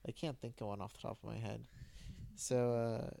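A man's voice: mid-range voice, flat delivery, normal speed, vocal fry, warm tone, no echo. A tired man in his late twenties co-hosting a podcast, chatting casually with rambling, profane venting. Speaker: podcast co-host. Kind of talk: casual chat.

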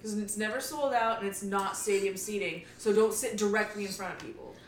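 A woman host in a casual group chat, teasing and quick with quips. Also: mid-range voice, roomy sound, recorded from a distance, slight background noise.

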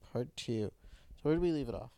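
Late-20s man, podcast co-host; tired, gravelly, rambling frustrated chat. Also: mid-range voice, expressive, quick pace, mellow, no room sound. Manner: rambling, profane, frustrated venting. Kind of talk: casual chat.

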